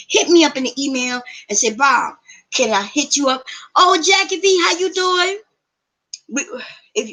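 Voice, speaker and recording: High bright-voiced woman chatting live. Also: low-quality recording. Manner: chatty, blunt, swears casually, talks straight to viewers. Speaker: live show host. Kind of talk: casual live-stream chat.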